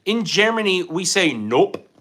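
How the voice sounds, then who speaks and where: A man casually chatting on a livestream, reading out chat questions and joking back in an animated way. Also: high-pitched, measured pace. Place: room at home with collectible figures.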